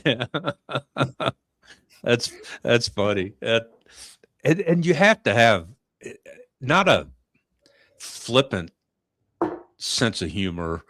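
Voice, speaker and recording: A middle-aged man hosting a podcast, talking in a reflective, halting way with many restarts. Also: medium pitch, expressive, fairly bright tone, no echo, clean studio sound. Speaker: podcast host. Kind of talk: casual chat.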